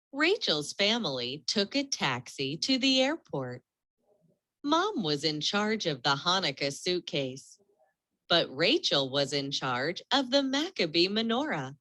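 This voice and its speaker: A woman reading a children's storybook aloud in a gentle, expressive way. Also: lowish voice, no echo.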